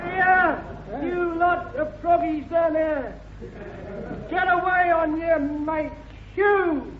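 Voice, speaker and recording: A man in 1950s radio comedy voicing a shifty Arab legionnaire with a Cockney accent and rough, cheeky patter. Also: very high voice, takes it slowly, reverberant, crowd noise, background noise. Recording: muffled 1950s radio with live audience.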